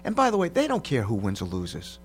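A middle-aged man hosting a casual talk show, telling stories in a lively way. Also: mid-range voice, brisk, a little hiss or hum. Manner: lively storyteller, laughs while telling. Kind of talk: casual podcast chat.

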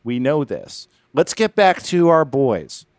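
A man's voice: mid-range voice, big pitch swings, takes it slowly, darkish tone, no echo, studio quality. A man co-hosting a comedy podcast, rambling through jokey bits with stammered restarts. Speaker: podcast co-host. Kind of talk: casual comedic banter.

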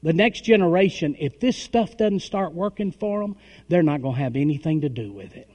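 A middle-aged man preaching a sermon, emphatic, with call-and-response and swings between loud and soft. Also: fairly high pitch, lively intonation, a little fast. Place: church hall. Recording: long hall reverb.

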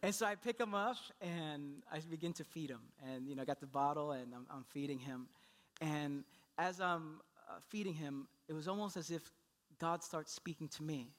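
A man's voice: fairly high pitch, moderate pace, a bit bright. A young man preaching from the pulpit, telling a homey story about his infant son. He moves freely between earnest exhortation and playful acted-out voices, laughing as he goes. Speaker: pastor. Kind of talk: sermon.

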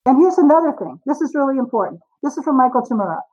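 A woman in her forties, a guest author on a podcast interview, telling stories with lively acted-out dialogue. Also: high-pitched, racing, dull audio. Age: 40s. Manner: animated storyteller, acts out dialogue.

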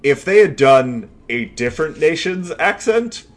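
A man's voice: a little high, animated, unhurried. Rambling man chatting about a movie. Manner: rambling, thinks aloud with many "like" fillers. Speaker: podcast co-host. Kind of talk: casual movie review chat.

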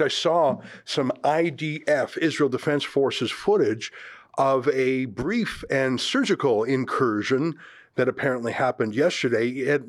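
A man's voice: medium pitch, no echo, studio quality. A man hosting an online news show, commenting loosely and off the cuff, breaking off to direct his crew. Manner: loose, unscripted, with restarts and asides to the production crew.

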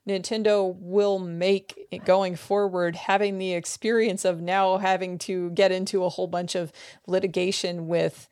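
A woman's voice: fairly low pitch, flat delivery, unhurried, a little mellow, clear, resonant tone, no room sound. Chatty woman podcaster, dry close sound. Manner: rambling, many "like" fillers. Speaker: podcast co-host. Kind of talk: casual chat.

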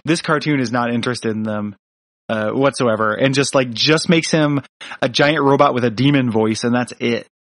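A man's voice: medium pitch, normal speed, no room sound, studio quality. A man co-hosting a casual podcast, recapping a cartoon episode in a rambling, joking way with frequent restarts. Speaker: podcast co-host.

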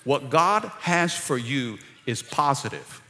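A middle-aged male pastor preaches with a bright, lively voice that swings up and down, calling out to his congregation. His voice carries a long reverb from a large church hall. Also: mid-range voice, slow. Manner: energetic, calls out to the congregation. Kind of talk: sermon. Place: church sanctuary.

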